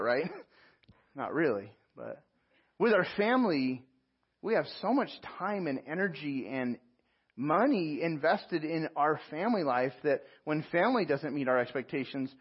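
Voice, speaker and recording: A man with a somewhat high, husky voice delivers a sermon in a conversational, storytelling way. He slips into animated asides and laughs at himself. The recording sounds a bit dull and lo-fi. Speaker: pastor.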